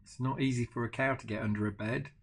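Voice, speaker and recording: An older man, a grandfather, reading a picture book aloud to his grandchildren with animated asides. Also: mid-range voice, quick pace. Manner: animated, adds chatty asides to the children. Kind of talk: bedtime storybook reading.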